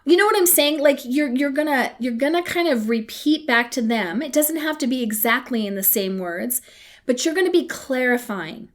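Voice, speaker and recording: Female podcast host, slightly high voice, casual teaching, candid with cheeky asides. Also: animated, normal speed. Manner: candid and conversational, with playful asides.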